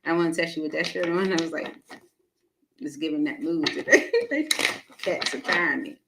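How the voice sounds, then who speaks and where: A woman's voice: deep voice, fairly even intonation, normal speed, heavy background noise. Chatty, laughing tarot-reading woman. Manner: chatty, laughs often, talks to viewers by name. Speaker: tarot reader hosting a live stream. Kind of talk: casual live tarot reading.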